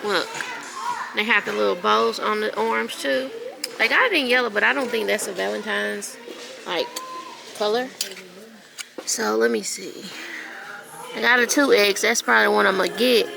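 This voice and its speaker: A woman, chatting excitedly to viewers while filming a casual vlog outdoors and in a store. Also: medium pitch, moderate pace, creaky, long pauses, low-quality recording. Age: late 30s. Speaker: vlogger. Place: outdoors, then inside a discount store. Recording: music playing behind her.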